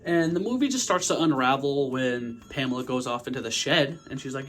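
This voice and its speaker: Slangy energetic young guy. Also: medium pitch, fairly quick, hardly any pauses, slight background noise. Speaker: host of a movie review channel. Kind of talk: casual movie review vlog.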